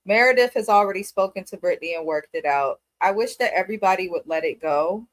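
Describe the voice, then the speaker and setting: A woman's voice: fairly low pitch, animated, fast talker. A woman co-hosting a casual reality TV recap, giving her opinions in an emphatic, blunt way. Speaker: co-host.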